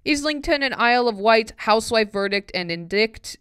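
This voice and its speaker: A woman's voice: a little high, lively intonation, normal speed, fairly bright tone. A woman reading a tricky pronunciation poem aloud, word by word, stumbling and correcting herself with wry asides. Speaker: YouTuber.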